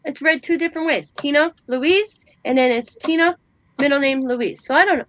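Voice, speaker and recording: A woman in her forties hosting a casual craft chat, telling stories in a chatty, animated way. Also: high-pitched, moderate pace, highs cut off, a little hiss or hum. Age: 40s. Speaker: host.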